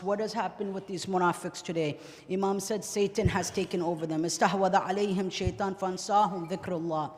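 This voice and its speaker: A man preaching a mourning sermon, swinging between hushed recital and loud, emotional outbursts. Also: high voice, in a large hall. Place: large hall.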